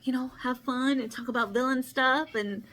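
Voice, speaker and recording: A woman's voice: high voice, fairly even intonation, normal speed, a bit bright. A woman hosting a casual board game vlog, with a lisp and a slight stutter, talking in a rambling, earnest way and laughing often. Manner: rambling and chatty with restarts and small stutters. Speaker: board game channel host. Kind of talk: casual vlog talk showing games to camera.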